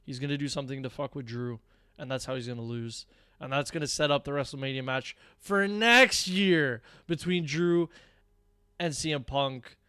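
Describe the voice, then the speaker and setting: A man co-hosts a relaxed podcast chat, slangy and sure of himself. His voice sits mid-pitch and is recorded dry and close. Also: normal speed, smooth, dry recording. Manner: slangy, confident, says bro a lot. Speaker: podcast co-host. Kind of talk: casual chat.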